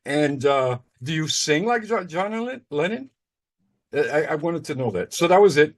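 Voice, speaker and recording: A man in a group call discussion, rambling and restarting his words. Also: unhurried. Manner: rambling, repeats words, lively pitch.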